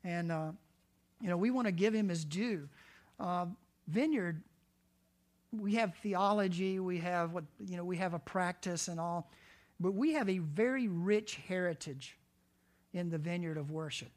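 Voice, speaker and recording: A pastor preaching a sermon, earnest and conversational, often asking the congregation direct questions. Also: male voice, sits high, a little slow.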